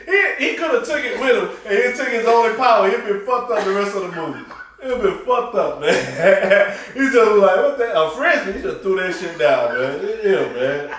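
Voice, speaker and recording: A man's voice: high-pitched, expressive, fairly quick, a bit bright. A man co-hosting a casual chat, laughing through profane banter about movies. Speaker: co-host. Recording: echoey room, far from mic, noisy.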